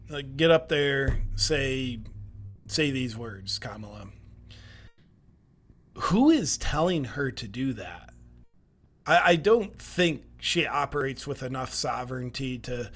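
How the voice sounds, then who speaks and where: A man's voice: mid-range voice, a bit bright, slight background noise. A male podcast host giving sarcastic political commentary in a mocking, wry manner. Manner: mocking, wry, breaks into laughter.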